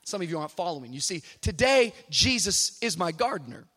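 A man preaching a sermon, moving from conversational asides to shouted, rising declarations, with jokes along the way. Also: high-pitched, big pitch swings, a little fast, breathy edge. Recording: live hall reverb with faint music.

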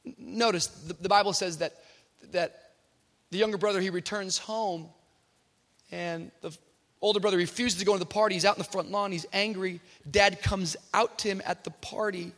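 High bright-voiced preacher man. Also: normal speed. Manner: animated storytelling, rising to shouted exhortation. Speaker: pastor. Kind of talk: sermon. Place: church sanctuary. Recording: reverberant church hall.

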